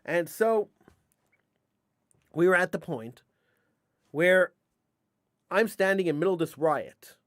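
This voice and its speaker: A middle-aged man hosting a talk radio show, telling a story in an emphatic, animated way with frequent restarts. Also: high voice, slow pace, pauses often, no echo, studio quality.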